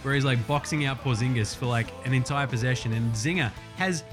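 A young Australian man hosting a casual sports podcast, loose and profane, getting excited over stats. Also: mid-range voice, fairly quick, music in the background. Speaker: podcast host.

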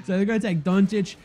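A young man hosting a casual sports podcast, excitable and profane, joking and swinging between loud outbursts and quieter asides. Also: a little high, a little hiss or hum. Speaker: podcast host.

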